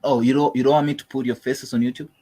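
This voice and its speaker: Male streamer, husky and friendly, casual video-chat banter. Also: mid-range voice, flat delivery, racing, warm tone. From Kenya. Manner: friendly, upbeat questioning. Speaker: streamer chatting with strangers online.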